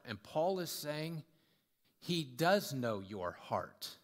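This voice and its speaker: A man's voice: fairly high pitch, sing-song, slow pace. A man preaching a sermon as pastor, conversational and full of rhetorical questions. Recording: long reverb of a large hall.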